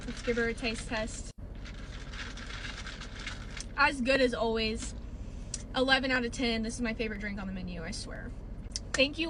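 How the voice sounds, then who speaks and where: A woman's voice: a little high, fairly bright tone, rough recording. A young woman recording a drive-thru review from her car, talking in a gushing, emotional, casual way full of "like" and "literally". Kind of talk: casual chat. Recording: car and traffic noise behind.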